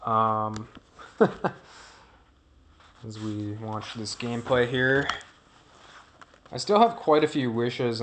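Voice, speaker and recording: A man's voice: lowish voice, a bit bright. A man giving casual, rambling commentary over his own gameplay, drifting off topic and trailing off mid-thought.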